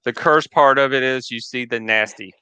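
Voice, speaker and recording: A woman's voice: extremely low pitch, moderate pace, bright, forceful tone, clean tone, no room sound. A woman hosting a casual live stream, mostly giving short agreeing replies. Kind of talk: casual chat.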